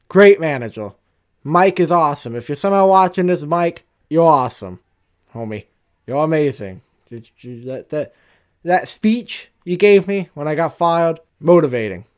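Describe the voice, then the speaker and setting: Young adult man, animated storytime vlogger, cursing and rambling, slightly high voice. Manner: profane, animated, rambling with restarts. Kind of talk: storytime rant.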